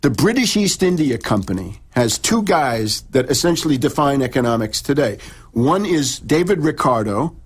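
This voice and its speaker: A man's voice: mid-range voice, sing-song, normal speed, breathy edge. A middle-aged man, an in-studio guest, lecturing on history in a radio interview, restarting and repeating words as he goes. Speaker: in-studio guest author and researcher.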